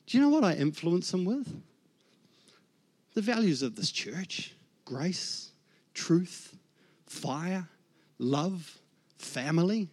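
Speaking slowly and pausing often, this New Zealand guest preacher in his thirties acts out his inner voices and God's words while sharing his testimony. His high voice swings widely in pitch and sounds a little mellow and slightly rough.

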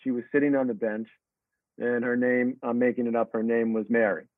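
Over a dry, tinny, phone-like connection with no room sound, a middle-aged man who coaches tennis gives an interview answer. His mid-range voice is flat and fairly quick, yet he sounds earnest and reflective, with frequent restarts.

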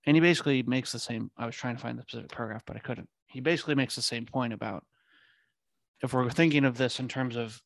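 Podcast cohost guy, gravelly voice, kinda hesitant, lots of ums, dry sound. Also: mid-range voice, fast talker, dry recording. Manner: hesitant, searching, many fillers. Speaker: podcast co-host. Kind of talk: casual theological discussion.

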